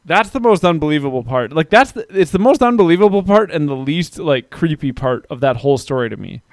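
A chatty man hosting a loose podcast conversation, with a smooth, clear voice that sits a little high. The sound is dry and close, with almost no room in it. He rambles casually and now and then reads out comments from listeners. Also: sing-song, fairly quick, no room sound. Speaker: podcast host. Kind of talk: casual chat.

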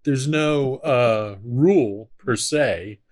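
A man co-hosting a casual podcast, playful, slowing down to explain things. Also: medium pitch, a little mellow. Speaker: podcast co-host. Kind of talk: casual banter.

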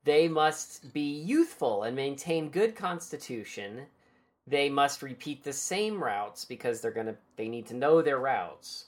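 A woman's voice: very deep voice, animated, measured pace. A woman hosting a podcast and recapping a book chapter in casual, irreverent chat, swearing and laughing easily.

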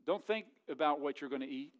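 Middle-aged male pastor with a high, light voice, preaching a lively, joking sermon in church. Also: quick pace. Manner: jokey, animated, swings from loud to hushed. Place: church sanctuary.

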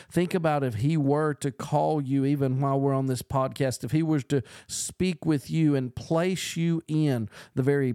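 Slow, smooth-voiced man preaching. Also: medium pitch, mellow, no echo, clean studio sound. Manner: earnest, repetitive emphatic preaching. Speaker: podcast preacher. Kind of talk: podcast sermon teaching.

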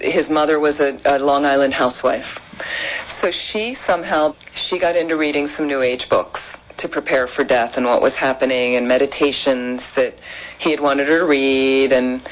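A woman's voice: sits low, slight background noise, rough recording. A woman telling a personal story in a conversational way, building toward a punchline. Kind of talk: recorded personal anecdote.

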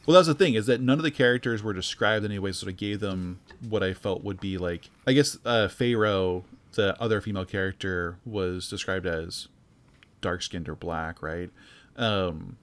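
A man's voice: low voice, moderate pace. A man co-hosting a podcast, talking through his thoughts in a casual, searching way. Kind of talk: casual discussion.

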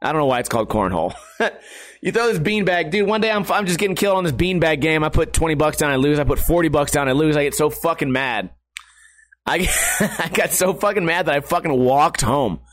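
A man's voice: fairly high pitch, lively intonation, brisk, fairly bright tone. A man in his thirties rambling casually in a vlog, crude and self-mocking, swearing often and laughing at himself. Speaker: vlogger.

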